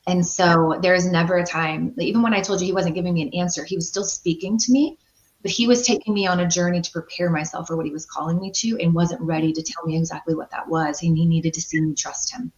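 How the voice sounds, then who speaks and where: A woman's voice: on the low side, steady tone, quick pace. A woman who works as a life and business coach, speaking as a guest in a podcast interview in a reflective, thoughtful way. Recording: echoey, muffled remote audio.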